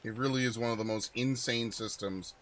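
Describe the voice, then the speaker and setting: A man talking through a video game stream in a loose, rambling way, with a bright, forceful voice. He drifts between the game and side topics and swears often. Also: medium pitch, steady tone, a little fast, slight background noise. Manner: rambling, profane, chatty asides. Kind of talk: casual gameplay commentary.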